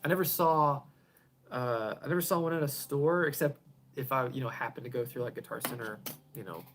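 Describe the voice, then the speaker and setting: A man building pedals and hosting a casual live stream from his garage, answering viewers in a rambling way, often chuckling and trailing off quietly at the ends of thoughts. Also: mid-range voice, fairly quick, a little hiss or hum. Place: home garage.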